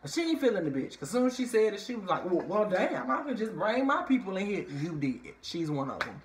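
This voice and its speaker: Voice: fairly quick, a little hiss or hum. A speaker reviewing a reality show episode in a casual, heavily profane way, leaning on "you know what I mean" and now and then jumping up into squealing impressions of the cast. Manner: animated, swears constantly, fillers like "you know what I mean"; jumps into high squealing impressions of others. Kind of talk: casual profane recap vlog.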